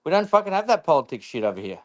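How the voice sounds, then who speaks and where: A man calling into a casual chat, relaxed and offhand, swearing now and then. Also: on the high side, very fast.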